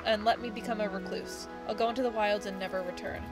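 A woman's voice: mid-range voice, fairly even intonation, quick pace, music in the background, lightly acted. Woman reading a grudging escaped convict. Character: grudging male escaped convict, wants solitude. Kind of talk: reading game dialogue aloud.

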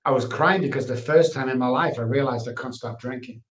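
A man from England, appearing as a guest, gives a candid personal testimony in a mid-range voice at a fairly quick pace. He tells his story earnestly and repeats himself for emphasis, and the sound is roomy and echoey.

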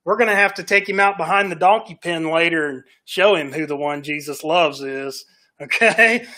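High, bright-voiced folksy preacher man. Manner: folksy, storytelling with frequent "right?" and "okay?". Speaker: pastor. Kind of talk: sermon. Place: church sanctuary.

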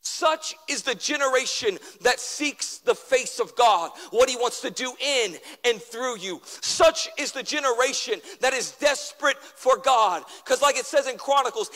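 Pastor guy preaching, really high bright voice, big echoey hall. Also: normal speed, hardly any pauses. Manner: impassioned preaching with repeated refrains and sudden drops to a hush. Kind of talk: sermon.

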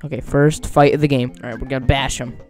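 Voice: mid-range voice, steady tone, fast, a little mellow, faint music behind. A game streamer reading the dialogue aloud and cracking jokes over the gameplay. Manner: jokey, goofy, riffs on the game text.

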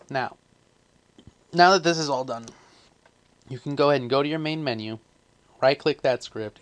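A man's voice: medium pitch, slight background noise. A man giving a casual, rambling coding tutorial with lots of offhand asides and self-corrections, while he has the hiccups. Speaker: tutorial maker.

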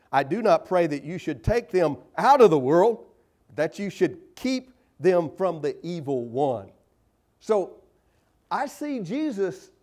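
A man preaching a sermon in church, earnest and emphatic, slowing to stress key phrases and scripture. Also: high-pitched, a little mellow.

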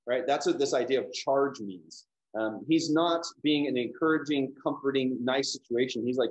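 A man's voice: a little high, normal speed, a little mellow, low-quality recording. A man giving a casual lecture on a Bible book, talking conversationally with frequent check-ins to his listeners.

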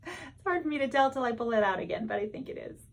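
A woman's voice: fairly high pitch, animated, quick pace, gravelly. A woman in her sixties chatting casually as she shows her stitching projects, thinking aloud and correcting herself as she goes. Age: 60s. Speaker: cross-stitch vlogger. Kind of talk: casual show-and-tell chat.

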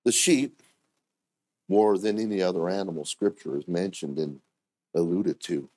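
A man preaching a sermon as pastor, telling stories and acting out quoted voices with sudden jumps in pitch. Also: a little slow, dark tone.

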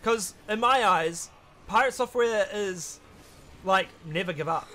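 A young man streaming live, reacting to clips in casual chat, excitable and openly emotional, swearing freely. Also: high voice, a little slow, a little hiss or hum.

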